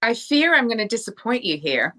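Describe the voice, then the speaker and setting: An Australian woman voice actor chatting in an interview, animated and laughing, slipping into playful voices. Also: on the high side, brisk. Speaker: voice actor and singer guest. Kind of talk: casual interview chat.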